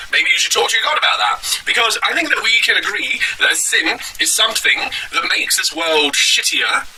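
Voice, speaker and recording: A man delivering a deadpan satirical monologue at home, rambling and halting with many fillers. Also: fairly high pitch, recorded from a distance, a little hiss or hum, rough recording. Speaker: comedic vlogger in character.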